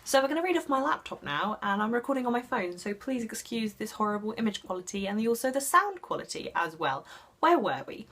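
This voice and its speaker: A woman's voice: a little high, sing-song, brisk, fairly bright tone. A young woman from Suffolk with an English accent, chatting casually and gushingly as she answers viewer questions on her vlog. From Suffolk, England. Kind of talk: casual chat.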